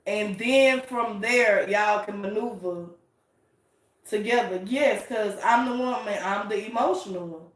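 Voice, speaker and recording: A woman's voice: mid-range voice, a little slow. A woman co-hosting a casual talk show with her husband, speaking emphatically and teasing him. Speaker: podcast co-host, wife. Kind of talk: casual chat. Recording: echoey room, distant mic.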